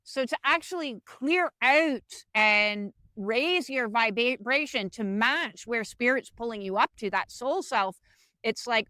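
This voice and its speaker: A woman's voice: a little high, measured pace, sharp tone, smooth, no room sound, low-quality recording. A woman sharing a personal spiritual vlog, talking earnestly into a fuzzy clip-on microphone and acting out her own inner voice. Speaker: spiritual vlogger.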